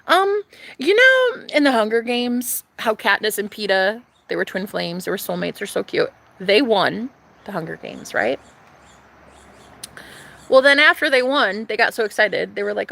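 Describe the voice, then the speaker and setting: A woman with a gravelly, creaky edge to her mid-pitched voice, talking straight to camera in a casual vlog. She swears freely and swings from hushed whispers to loud, emphatic bursts. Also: sing-song, moderate pace. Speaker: vlogger.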